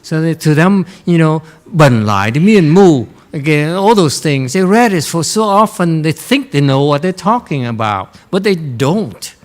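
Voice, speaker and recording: A man teaching Chan meditation to students in a Dharma lecture, blunt and direct, often pausing to check in. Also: fairly high pitch, expressive. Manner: blunt, frequently checks in with "Okay?".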